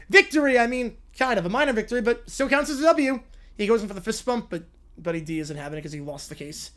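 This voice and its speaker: A man live-streaming, reading a silly story aloud with playful, animated asides. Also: high-pitched, quick pace.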